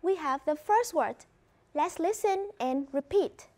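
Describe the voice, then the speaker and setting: A woman with a Vietnamese accent teaching an English reading lesson in a clear, instructive way. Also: extremely high pitch, expressive, measured pace, a little mellow. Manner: clear, instructive, mixes in explanations in her first language. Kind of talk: classroom lesson.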